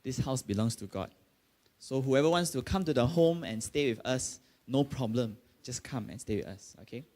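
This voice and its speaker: A man's voice: mid-range voice, moderate pace, darkish tone. A middle-aged man with a Malaysian English accent, preaching a sermon in a conversational way, with many fillers and sudden emphatic bursts. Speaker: pastor.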